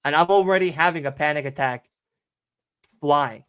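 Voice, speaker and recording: A man's voice: on the high side, moderate pace, a bit bright, clear, resonant tone. Young man telling a story, swearing animatedly. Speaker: livestream co-host. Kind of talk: casual chat.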